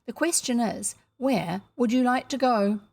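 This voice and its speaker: A woman voicing an earnest, bossy young boy who speaks sternly and slowly, in a storybook reading. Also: on the high side, creaky, a little mellow, voice pushed up.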